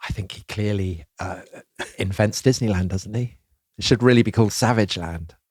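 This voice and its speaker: A man co-hosting a history chat who throws in dry, wry remarks. His voice is low and a little husky, and the recording is dry and close. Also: moderate pace, a little mellow, no room sound. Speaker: history podcast co-host. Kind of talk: casual chat.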